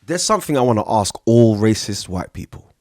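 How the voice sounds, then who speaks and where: A man's voice: fairly low pitch, sing-song, a little fast, darkish tone, no room sound, clean studio sound. A man hosting a solo podcast, talking in an impassioned, profane way and jumping between topics. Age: adult with an older son. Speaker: podcast host.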